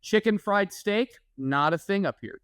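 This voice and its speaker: Podcast co-host, man from Oklahoma, animated storyteller, slightly high voice. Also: measured pace, clean tone, no room sound, studio quality. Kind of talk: casual podcast chat.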